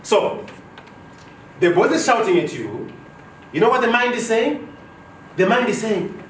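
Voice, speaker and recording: A business trainer with a high-sitting voice teaches a workshop a little slowly, with long pauses. He animatedly asks the class questions and acts out office dialogues, captured from far off with roomy echo and slight hiss or hum.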